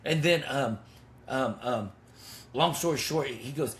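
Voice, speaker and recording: A man's voice: medium pitch, sing-song, normal speed, fairly bright tone. A man in his fifties telling a personal story with intensity and blunt, swearing talk, as a men's ministry leader. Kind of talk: testimony in conversation.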